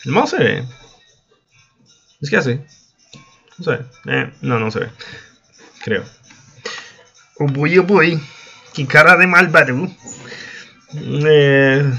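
A man's voice: a little high, animated, slow pace, gravelly, long pauses, sharp tone, husky, soft background music. Spanish-speaking man mumbling gameplay asides. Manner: mumbled asides, reads game text aloud with laughs. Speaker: let's play gamer. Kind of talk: casual gameplay commentary.

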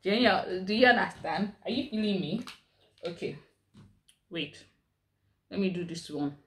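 A woman's voice: on the low side, lively intonation, unhurried. A woman with a Nigerian accent chatting to camera as a vlogger, full of rhetorical questions. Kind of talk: casual chat to camera.

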